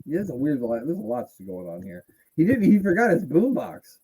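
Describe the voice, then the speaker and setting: A man's voice: mid-range voice, wildly swooping pitch, moderate pace, dark tone, slightly rough, rough recording. A man hosting a casual wrestling podcast who jokes and laughs often. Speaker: podcast host.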